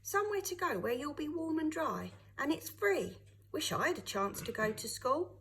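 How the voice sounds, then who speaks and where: A woman's voice: high voice, big pitch swings, moderate pace, voice pushed up, exaggerated voice. A woman reading aloud, voicing a cheerful, caring young street girl who talks with a laugh. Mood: gentle. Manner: laughing, warm-hearted.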